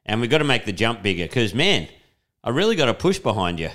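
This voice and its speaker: Low-voiced easygoing Australian man. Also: big pitch swings, fast talker, a bit bright. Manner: easygoing, encouraging, laughs often. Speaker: podcast co-host. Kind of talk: casual chat.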